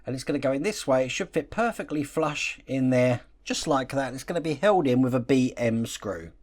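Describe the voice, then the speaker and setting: A man hosting a model-building channel, calmly explaining each step of the build while he works with his hands. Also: mid-range voice, normal speed.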